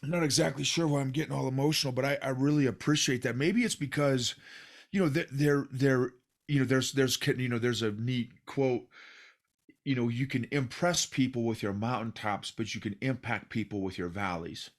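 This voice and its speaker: A man hosts a podcast in a relaxed, chatty way, his voice at an average pitch. He often trips over repeated words before he finds his point, and he drops in "bro" and "dude" as he talks. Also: moderate pace. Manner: casual, repetitive restarts, calls guest "bro" and "dude". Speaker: podcast host. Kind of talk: casual conversation.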